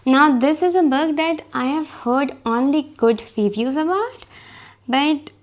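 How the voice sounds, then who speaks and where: Woman book vlogger, slightly high voice, hoarse from a cold, chatty and self-mocking. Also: measured pace. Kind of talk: casual chat about books.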